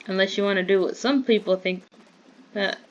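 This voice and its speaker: A woman's voice: mid-range voice, normal speed, highs cut off. A woman from the American South chatting in a rambling way while playing a game, easily startled. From Southern United States. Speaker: gamer. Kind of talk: casual Minecraft commentary.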